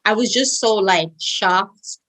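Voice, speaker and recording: A woman's voice: medium pitch, slow, a bit bright, poor audio. A young woman who is a podcast guest, telling a personal story casually and acting out quoted lines with big jumps in her voice. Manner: casual, says "like" and "girl" often. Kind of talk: storytelling interview.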